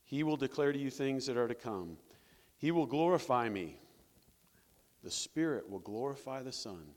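A man's voice: mid-range voice, lively intonation, normal speed, darkish tone. Man preaching in a reverberant hall. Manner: conversational preaching with rhetorical questions. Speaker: pastor. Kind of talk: sermon.

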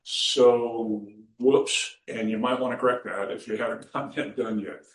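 A man's voice: medium pitch, steady tone, normal speed. A man preaching a sermon as pastor, folksy and storytelling, who chuckles at his own anecdotes. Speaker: pastor and counselor. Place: church sanctuary. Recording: roomy church recording from a distance.

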